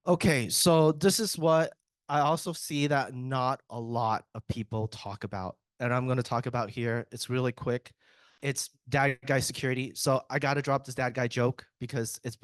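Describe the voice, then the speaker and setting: A man's voice: mid-range voice, dry recording. Man, IT presenter, casual joking delivery, mid-range voice, dry close sound. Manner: joking, chatty, self-interrupting with restarts. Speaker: IT speaker at a tech summit.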